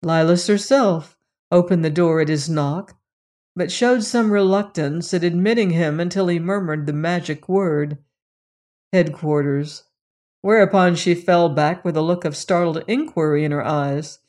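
An audiobook narrator reading a story in a steady, measured manner. The voice sits at an ordinary middle pitch and moves through the prose evenly. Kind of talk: scripted narration.

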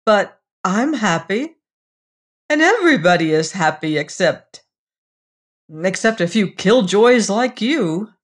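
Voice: medium pitch, sing-song, slow, voice pushed up. A reader voicing an earnest, uneasy young man who speaks insistently.

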